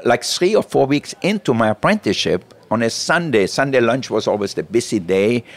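A middle-aged chef, appearing as a guest in an interview, tells stories in a brisk, medium-pitched voice. He is an animated storyteller who acts out the lines he quotes.

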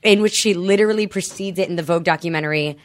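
A woman's voice: fairly low pitch, fast. A woman guest on a podcast, chatting casually with dry, wry humor. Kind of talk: casual chat.

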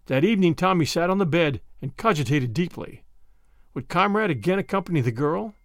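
Expressive male audiobook narrator, dry sound. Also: on the high side, a little fast, dry recording. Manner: expressive storytelling. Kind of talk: scripted narration of a mystery novel.

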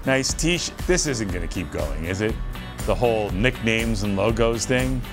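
A man runs through golf highlights as a show host, cracking quick jokes between shots. His voice sits a little low. Music plays softly underneath. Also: lively intonation. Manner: jokey, quick asides over golf highlights. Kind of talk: casual highlights commentary with banter.

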